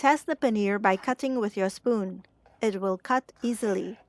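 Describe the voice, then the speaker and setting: A woman, the host of a cooking channel, giving calm step-by-step narration over a recipe. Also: mid-range voice, moderate pace.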